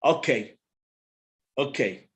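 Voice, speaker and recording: A man's voice: mid-range voice, animated, takes it slowly. A man with a Kenyan accent hosting a live stream, chatting casually and teasing his viewers. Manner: teasing, playful, bantering.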